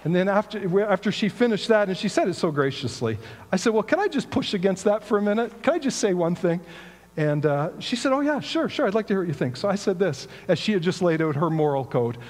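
A man's voice: sits high, animated, brisk, darkish tone, big-room sound. A man giving a sermon in a conversational storytelling way, asking rhetorical questions. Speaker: pastor.

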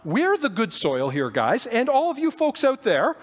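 Brief: man putting on self-satisfied disciples lecturing, high and preachy, in a reverberant hall. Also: huge pitch swings, normal speed, heavily acted. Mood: smug. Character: smug male disciples lecturing a crowd.

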